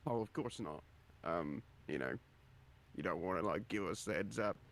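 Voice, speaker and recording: A man's voice: deep voice, expressive, moderate pace, creaky, slight background noise, voice pushed up. A man voicing a tiny male adventurer who stammers nervously and pleads politely. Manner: flustered, stammering.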